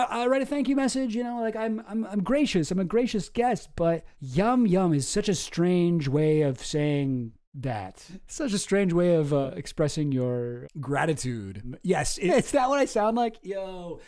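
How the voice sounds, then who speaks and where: A man with a fairly high voice rambles through news articles in casual commentary. He is sarcastic and loose, and swears offhandedly. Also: a little mellow. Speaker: commentary vlogger.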